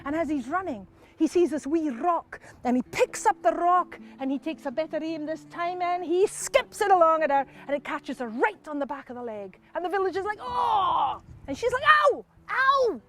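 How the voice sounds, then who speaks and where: A Scottish woman telling a folk tale to a live audience in an animated, conversational way. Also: high-pitched, moderate pace. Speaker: storyteller.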